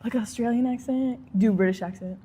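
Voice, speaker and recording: A woman's voice: fairly high pitch, quick pace, warm tone, husky. A woman co-hosting a podcast in casual chat, giggly and teasing. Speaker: podcast co-host.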